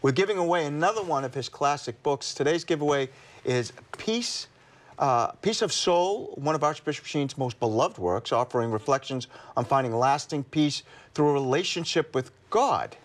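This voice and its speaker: A man's voice: on the high side, lively intonation, normal speed. Upbeat male talk show host. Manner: upbeat, conversational, reads promos. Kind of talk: broadcast talk show hosting.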